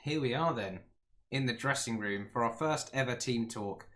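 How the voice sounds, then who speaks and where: Young guy rambling over a football sim, voice going a bit hoarse, lots of ums. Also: medium pitch, moderate pace, a bit bright. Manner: chatty, rambling, with frequent ums and asides. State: slightly hoarse, losing his voice. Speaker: gaming YouTuber. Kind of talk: casual game commentary.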